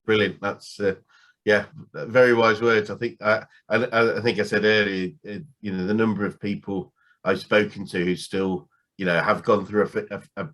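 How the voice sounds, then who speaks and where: A man's voice: fairly low pitch, fairly bright tone. A man interviewing a business guest in casual chat, hesitant with many restarts and fillers.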